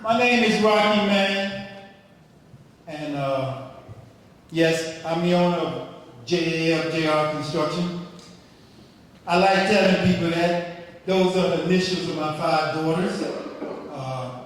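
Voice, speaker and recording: Slow-talking older man in an echoey hall. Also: fairly high pitch. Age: 60s. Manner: slow folksy storytelling, joking with the crowd. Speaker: business owner speaker. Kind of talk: casual speech at an event. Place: large event hall. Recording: echoey hall, mic from far off.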